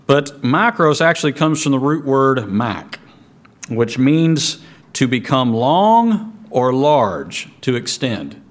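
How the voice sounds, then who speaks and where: A man preaching a sermon in a conversational way, reading scripture aloud and stopping to restart his sentences. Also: medium pitch. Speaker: pastor.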